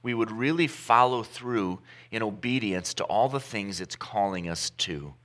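A male pastor delivers a sermon from prayer into storytelling. His voice is bright and clear, and his pitch swings widely as he builds each point. He repeats key phrases for emphasis. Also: animated, measured pace.

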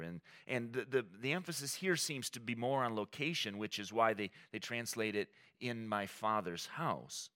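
A man preaching a sermon in a conversational, animated way, often acting out quoted lines. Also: on the low side, moderate pace, few pauses. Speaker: pastor.

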